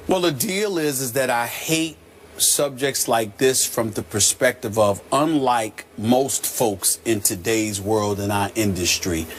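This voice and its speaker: A man giving his take as a commentator on a sports talk show, emphatic and measured, with repeated qualifiers. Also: fairly low pitch, slight background noise. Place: television studio.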